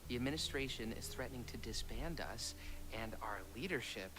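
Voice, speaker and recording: An actor playing a weary young man from a secret society, complaining with exasperation, with clear background noise in the game audio. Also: mid-range voice, lively intonation, normal speed, natural voice. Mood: exasperated. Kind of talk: game dialogue.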